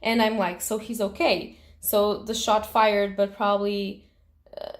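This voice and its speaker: A woman's voice: mid-range voice, little pitch movement, a little slow. A young woman book vlogger in a casual, emotional reaction vlog, gushing and swearing freely.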